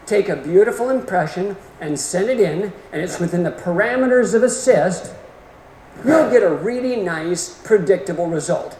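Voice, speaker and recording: A man's voice: sits high, a little mellow. A middle-aged man giving a continuing-education lecture, folksy and emphatic in manner. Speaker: orthodontic lecturer. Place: lecture hall. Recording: echoey hall with faint room noise.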